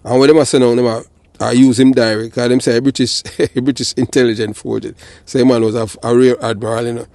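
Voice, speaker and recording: A man's voice: medium pitch, little pitch movement, fast talker, vocal fry, a little mellow, dry recording. A man with a Jamaican accent, hosting a casual commentary on history that mixes patois chat with reading passages aloud. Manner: slips into patois and often asks "you understand?".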